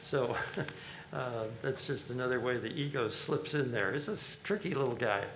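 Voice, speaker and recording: A man's voice: medium pitch, moderate pace. Man, spiritual discussion leader, chuckling, hesitant, faint background hiss. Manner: relaxed, chuckling, hesitant with fillers. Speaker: monk leading a reading and discussion. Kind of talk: informal spiritual commentary. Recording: roomy echo, faint background noise.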